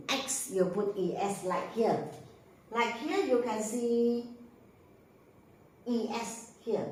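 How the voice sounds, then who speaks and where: A woman with a Malaysian English accent teaching a grammar lesson, slow and patient, drawing out each example word. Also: mid-range voice. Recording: echoey room.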